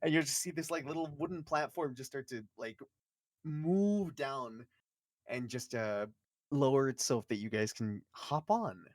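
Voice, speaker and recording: A woman's voice: rumbling low, a little slow, a little mellow, no echo, clean studio sound. A woman narrating as game master of a tabletop game, rambling with many fillers and laughing often.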